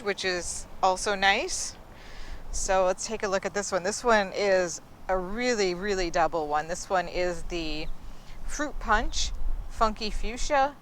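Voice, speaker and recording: A woman's voice: on the low side, a bit bright, a little hiss or hum. A woman giving a casual, enthusiastic tour of an outdoor garden, admiring the plants in a chatty way. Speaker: gardening vlogger.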